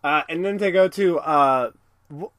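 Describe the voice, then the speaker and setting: A man's voice: a little high, a little slow, fairly bright tone, dry recording, studio quality. Man casually recapping a cartoon episode. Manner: rambling, laughs often, quotes characters in silly voices. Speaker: podcast co-host.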